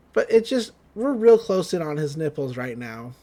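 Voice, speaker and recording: High-voiced man recapping an anime. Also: warm tone. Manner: retells scenes, quoting characters in loose paraphrase. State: just woke up. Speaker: podcast co-host. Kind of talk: casual anime recap chat.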